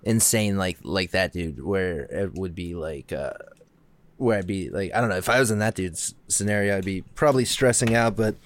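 A man's voice: deep voice, moderate pace. A man chatting as a podcast guest, laid-back and rambling with lots of fillers. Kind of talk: casual chat.

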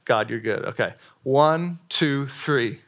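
A young adult man preaching a sermon to a room of young adults, in a lively, conversational style full of "like"s and questions to the audience. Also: mid-range voice, slow, heavy background noise. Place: church meeting room with a live audience.

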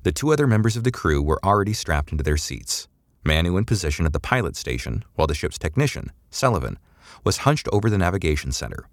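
Deep-voiced male narrator for a sci-fi audiobook, measured and dramatic, dry close mic. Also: sing-song, no echo. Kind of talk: scripted narration.

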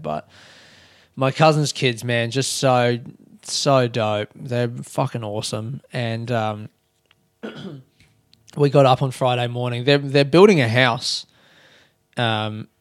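An Australian man in his thirties, hosting a solo podcast, telling rambling, profane stories and acting out shouts. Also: medium pitch, no echo, clean studio sound. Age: 30s. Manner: rambling, swears freely, acts out shouts. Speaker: podcast host. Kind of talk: casual solo storytelling.

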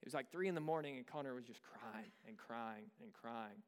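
A man's voice: mid-range voice, brisk, smooth, long reverb tail. A pastor in his thirties preaching a sermon, telling a personal story in a conversational way with rhetorical questions. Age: 30s.

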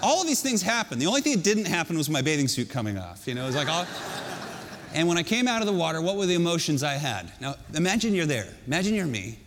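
Male pastor, high voice, animated storyteller, reverberant hall. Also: quick pace, few pauses. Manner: storytelling, animated, self-mocking. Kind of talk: sermon.

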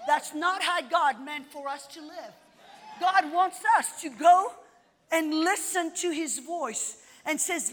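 A woman Bible teacher preaches at a live event in a large hall, speaking emphatically and repeating phrases with rising force. Her high voice moves slowly, trailed by long reverb.

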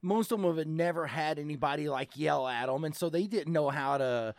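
A man talks through a work story in relaxed podcast chat. His voice sits a touch high. The recording is dry and close. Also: fairly quick, no echo. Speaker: podcast co-host. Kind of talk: casual chat.

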